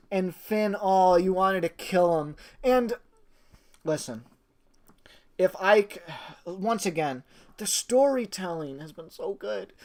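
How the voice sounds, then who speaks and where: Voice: medium pitch, a little mellow. Gushing, rambling wrestling reviewer. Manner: gushing, rambling, with many fillers and restarts; swears casually. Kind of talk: casual spoken review.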